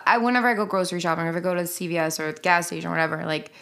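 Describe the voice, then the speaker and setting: A young woman with a bright, clear voice talks casually with a close friend. She tells lively, animated stories and leans into the punchlines. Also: lowish voice, rapid-fire. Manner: chatty, animated storytelling with laughs. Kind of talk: casual chat. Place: Nashville.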